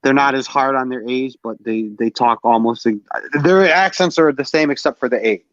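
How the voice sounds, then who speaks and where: A man's voice: mid-range voice, normal speed, no echo. A man with a New York accent chatting casually, laid-back and loose, with lots of "like". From New York area, USA. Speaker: live stream host. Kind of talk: casual chat. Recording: dull, dry lo-fi sound.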